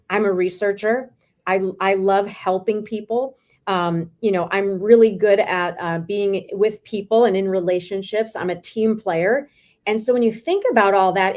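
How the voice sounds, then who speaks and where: A woman in her forties, a real estate team leader, telling lively stories as an interview guest. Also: mid-range voice. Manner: lively, animated anecdotes. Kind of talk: storytelling in a video interview.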